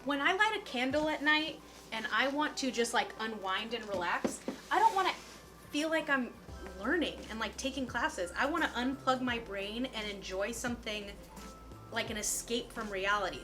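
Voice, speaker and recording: A woman's voice: a little high, lively intonation, normal speed, music in the background. A woman in her twenties chatting casually as a lifestyle vlogger, bubbly and full of "like". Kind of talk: casual chat.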